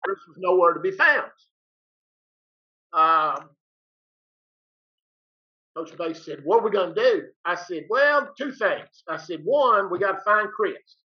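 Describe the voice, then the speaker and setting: A man's voice: sits high, a little slow, long pauses. An older man, a retired teacher, telling a story in a folksy, plain-spoken way and acting out both sides of each exchange. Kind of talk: casual storytelling. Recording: dull lo-fi recording.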